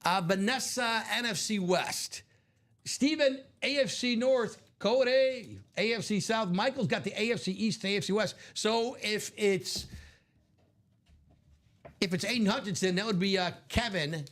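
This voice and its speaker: A man's voice: high voice, normal speed, a bit bright. A middle-aged man hosting a live card-break stream, chatting casually and upbeat and laughing often.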